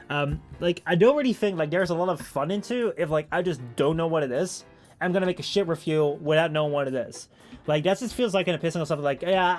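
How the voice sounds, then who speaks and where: A man streaming, chatting casually and rambling with many fillers and restarts. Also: fairly high pitch. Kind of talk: casual chat.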